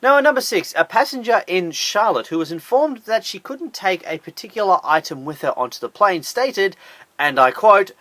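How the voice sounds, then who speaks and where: Animated, high-pitched sarcastic male host. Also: normal speed, dry recording. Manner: sarcastic, incredulous. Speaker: host of a top ten list channel. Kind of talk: scripted list commentary.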